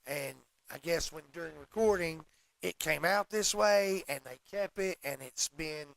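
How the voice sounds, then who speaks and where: A man's voice: on the high side, measured pace, vocal fry, a bit bright. A man co-hosting a casual talk show, joking and laughing along with his friend. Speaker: podcast co-host. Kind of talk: casual chat.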